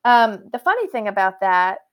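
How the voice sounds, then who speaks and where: A woman from Canada, a guest author, telling her story in an animated way with frequent restarts. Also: mid-range voice, normal speed, smooth. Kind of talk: conversational storytelling.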